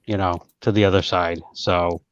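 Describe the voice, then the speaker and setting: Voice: normal speed, no room sound. Guest telling stories in a dry, dull recording. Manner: storytelling, animated when quoting. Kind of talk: casual chat. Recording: dry, dull low-fidelity sound.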